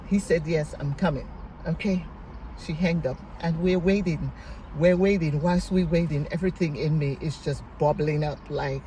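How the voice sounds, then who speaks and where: A woman's voice: lowish voice, measured pace, mellow, a little hiss or hum, poor audio. A middle-aged woman vlogger tells a family reunion story in a heartfelt way, sometimes tearful, and acts out what each person said. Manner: heartfelt, tearful at times, retells dialogue; gives faith-based encouragement. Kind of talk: emotional storytelling vlog.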